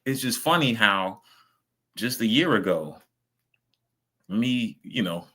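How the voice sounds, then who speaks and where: A man's voice: fairly low pitch, expressive, takes it slowly, pushed and bright, breathy edge. A man, talking over videos on a casual stream. He is blunt and profane, and he rambles from point to point.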